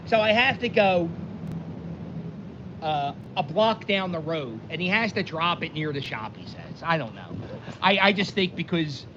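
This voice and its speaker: A man tells a rambling, self-interrupting story, fairly high-pitched and very animated. He is recorded outdoors on a lo-fi mic that sounds dull. Clear wind and boat noise sits behind him. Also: a little slow. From Philadelphia. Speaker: vlogger. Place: outdoors by the water, windy.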